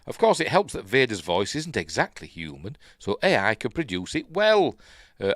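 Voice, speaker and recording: Brief: Yorkshire man hosting a news stream, lowish voice, dry close sound, rambling chatty asides. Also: sing-song, moderate pace, a bit bright, no room sound. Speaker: live-stream news host. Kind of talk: casual live-stream news chat.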